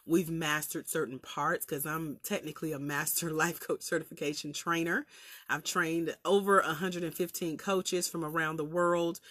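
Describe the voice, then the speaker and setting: Southern woman, life coach on a livestream, bright forward tone, dry close sound, chatty and preacherly. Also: low voice, steady tone, moderate pace, no room sound. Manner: laughs often, colloquial. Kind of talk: livestream talk to viewers.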